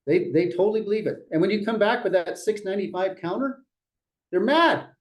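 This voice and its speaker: A middle-aged man leading a real estate team meeting, talking in a lively, joking way and acting out what clients say. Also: high-pitched, fairly quick, rough recording. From Dutch family. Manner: lively, jokey, acts out clients' voices. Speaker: brokerage leader running a team meeting. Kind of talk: motivational meeting talk.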